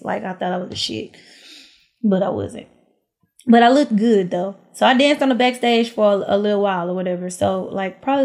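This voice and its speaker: Animated young woman with a drawl. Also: a little high. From Houston, Texas. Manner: animated, acts out quotes, frequent "like" and "um". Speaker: podcast guest storyteller. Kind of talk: casual storytelling chat.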